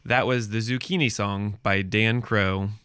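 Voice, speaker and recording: A man hosting a community radio food show, introducing segments and interviewing a guest in the studio with a measured announcer delivery. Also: lowish voice, steady tone, fairly bright tone, clear, resonant tone, no room sound. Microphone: studio microphone.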